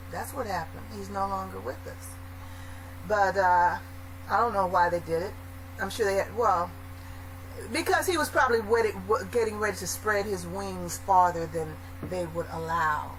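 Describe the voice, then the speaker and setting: Earnest woman, halting delivery. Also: medium pitch, fairly bright tone, a little hiss or hum, poor audio. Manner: earnest, hesitant, restarting sentences. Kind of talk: earnest commentary.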